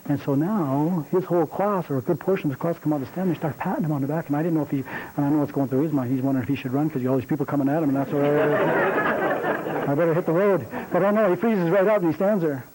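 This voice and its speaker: A man's voice: a little high, very fast, few pauses, background noise. A man, a coach, telling a rambling, folksy story to a group, with many restarts. He speaks with a Canadian accent. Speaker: coach giving a talk. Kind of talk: storytelling speech.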